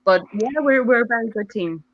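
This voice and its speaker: A woman's voice: a little high, fairly quick, lo-fi sound, a little hiss or hum. An Irish woman comedian chatting on a video call, laughing often and swearing freely. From Ireland. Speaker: comedian guest. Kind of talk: casual chat on a video call.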